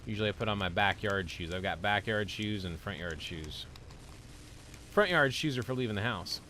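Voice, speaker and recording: A man with a low-pitched voice hosts a relaxed game stream. He talks in a loose, rambling way, answering his viewers' comments as he plays. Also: moderate pace, a little hiss or hum. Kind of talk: casual live-stream chat while playing.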